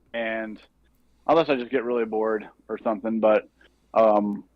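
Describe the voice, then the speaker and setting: A man on a gaming podcast panel, talking casually with many pauses and fillers. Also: lowish voice, no room sound. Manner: hesitant, many fillers and throat clearing. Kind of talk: casual chat. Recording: dull lo-fi mic.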